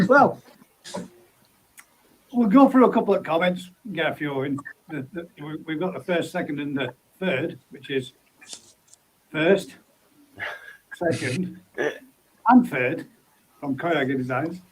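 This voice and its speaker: Hosting a casual live pond chat stream while recovering from an illness, a man reads viewer comments aloud in a chatty, laddish manner, calling people mate and bud. His voice is a little high and animated, slow with frequent pauses. The recording is rough, with faint background noise.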